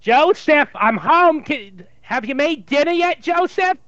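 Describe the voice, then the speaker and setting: A man voicing an older nagging mother in a put-on New York Jewish accent, high and whiny. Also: lively intonation, a little slow, a bit bright, no room sound. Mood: calling out. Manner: high shrill whiny scolding. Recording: dull dry lo-fi sound.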